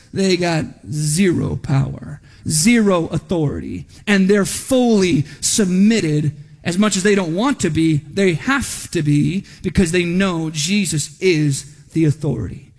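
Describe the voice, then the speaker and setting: A man with a high voice preaching a sermon in a church sanctuary, with a long reverb trailing his words. He talks conversationally and keeps checking in with the congregation. His voice lifts with animation when he reads quoted lines aloud. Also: animated, a little slow, a little mellow. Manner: conversational, often asking the crowd "right?". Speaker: pastor. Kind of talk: expository sermon. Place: church sanctuary during a service.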